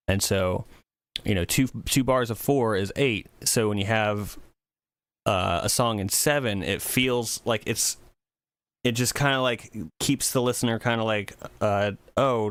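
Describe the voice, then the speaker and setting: Low-voiced rambling male streamer. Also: clear, resonant tone, no room sound. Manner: rambling, relaxed, thinks aloud with many fillers. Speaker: music streamer. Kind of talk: casual livestream chat.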